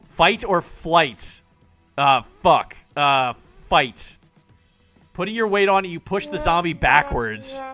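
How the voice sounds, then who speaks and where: A man streaming a video game, reading its text aloud in put-on voices and reacting with laughs and swearing. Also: sits high. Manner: animated, swears and laughs often.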